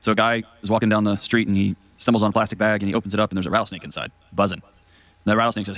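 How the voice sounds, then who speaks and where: A man's voice: on the low side, steady tone, fairly bright tone, no room sound. A man hosting an advice call show, talking in a casual, folksy way and telling stories to make his point. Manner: rapid, folksy, tells stories.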